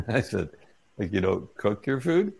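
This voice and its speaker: Middle-aged man, storytelling guest: deep, husky, gravelly voice, acts out the quoted lines. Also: a little slow. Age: 40s or 50s. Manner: animated retelling with quoted dialogue. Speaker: interview guest. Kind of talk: casual storytelling.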